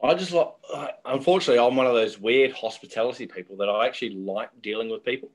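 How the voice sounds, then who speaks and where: A man's voice: medium pitch, fast. A middle-aged man, a guest telling chatty, laughing anecdotes in a casual interview.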